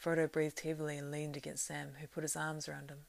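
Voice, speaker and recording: A woman reading a novel aloud, keeping a steady storytelling pace that swells louder in the action. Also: deep voice, fast, vocal fry, no room sound. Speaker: reader.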